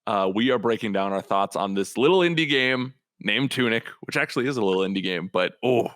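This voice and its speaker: Male podcast host from Minnesota, jokey and upbeat, mid pitch, dead dry mic. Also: animated, brisk, fairly bright tone, no room sound. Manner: upbeat, jokey, announcer-like intros. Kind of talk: casual podcast chat.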